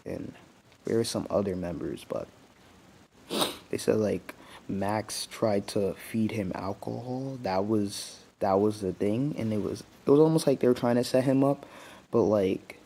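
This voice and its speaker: Rambling young man with a dark voice. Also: lowish voice, gravelly, husky. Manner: rambling, heavy use of "like", many restarts. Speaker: vlogger. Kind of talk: casual rant commentary.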